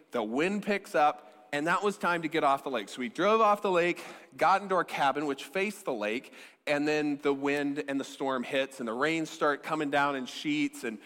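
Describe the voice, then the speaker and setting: A man preaching a sermon as pastor, telling stories in a conversational, joking way. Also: on the high side. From American Midwest. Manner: conversational, joking, animated storytelling. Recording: long hall reverb.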